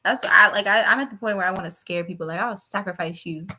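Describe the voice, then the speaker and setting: A woman's voice: rapid-fire, sharp tone. A young woman doing a casual, profane tarot reading live stream, laughing often and talking to her chat. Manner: jumps between topics with sudden high-pitched bursts.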